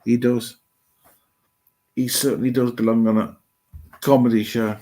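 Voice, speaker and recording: Hosting a live stream, this middle-aged Midlands Englishman talks loosely with viewer comments, rambling while he thinks aloud. His medium-pitched voice is level and dark, and he keeps a measured pace.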